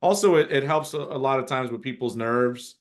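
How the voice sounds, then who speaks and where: Middle-aged guy hosting a group call, encouraging, rambly, average pitch. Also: a little fast. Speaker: host of a group coaching call. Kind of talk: casual group call chat.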